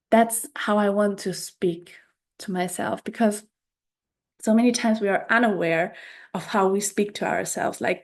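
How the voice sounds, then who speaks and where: Slow, soft-spoken woman podcast host. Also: mid-range voice. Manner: soft, unhurried, repeats words and phrases. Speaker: podcast host and spiritual coach. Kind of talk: slow reflective monologue.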